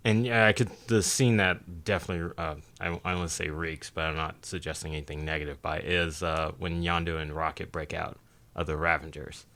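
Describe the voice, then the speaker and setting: A man with a very low voice chats on a podcast in a relaxed, easygoing way. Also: fairly quick. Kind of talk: casual chat.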